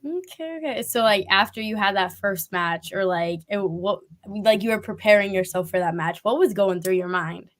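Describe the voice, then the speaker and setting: A woman's voice: medium pitch, normal speed, few pauses. A woman hosting a casual interview, chatty and enthusiastic, laughing often. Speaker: podcast host.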